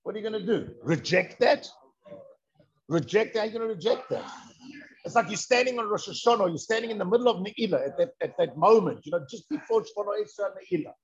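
A man giving a lively Torah lecture, firing rhetorical questions and answering them himself. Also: high voice, fast talker. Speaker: Torah teacher. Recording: dull lo-fi recording.

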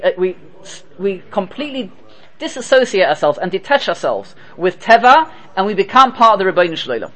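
A man giving a spoken Torah class, telling stories lively and mixing Hebrew and Yiddish terms into his English. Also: sits high. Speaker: Torah teacher.

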